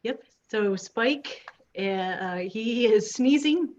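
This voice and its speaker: A woman's voice: fairly high pitch, expressive, drawn-out words, dull audio. A woman running a tabletop game as game master, easygoing and prompting her players. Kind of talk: casual game narration.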